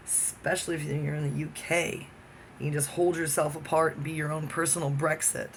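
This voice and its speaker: Male vlogger, somewhat high and gravelly, rambling profane solo rant. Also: fairly bright tone, slight background noise. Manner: profane, jumping from topic to topic.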